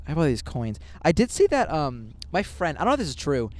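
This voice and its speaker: Young male co-host, higher voice, loose rambling chat, recorded in a car. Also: huge pitch swings, fast. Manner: rambling, swears casually, restarts often. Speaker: podcast co-host.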